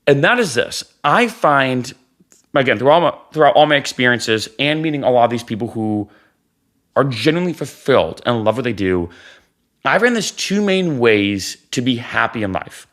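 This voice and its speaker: Lively, earnest male vlogger. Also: mid-range voice, moderate pace. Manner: animated, earnest, repeats phrases for emphasis. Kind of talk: casual advice talk to camera.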